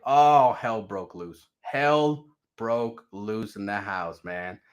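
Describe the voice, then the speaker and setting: Man telling his life story, loud and profane. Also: fairly high pitch. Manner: profane, animated, swings from loud to mumbled. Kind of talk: casual storytelling to viewers.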